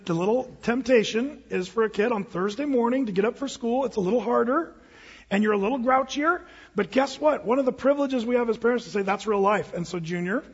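Pastor, male, chatty and emphatic sermon delivery; husky high voice, long church reverb. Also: muffled recording. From United States. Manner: conversational, emphatic, with quoted asides. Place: church sanctuary.

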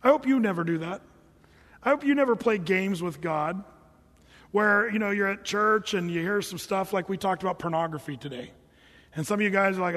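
A man preaching a sermon as a pastor, conversational and lively, slipping into the voices of people he quotes. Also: high voice, brisk, big-room sound.

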